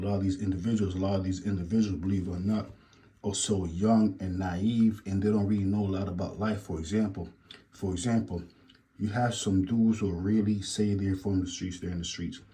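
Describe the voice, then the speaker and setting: A man's voice: sits low, mellow. A man hosting a reaction commentary, repeating phrases and lecturing about street life. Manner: repetitive, preachy, says "believe it or not". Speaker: commentary host.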